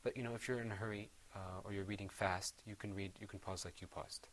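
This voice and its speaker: A man teaching Quran recitation, patiently encouraging his students and trailing off softly after each bit of praise. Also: lowish voice, fairly even intonation, quick pace, a little hiss or hum. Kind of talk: gentle classroom instruction.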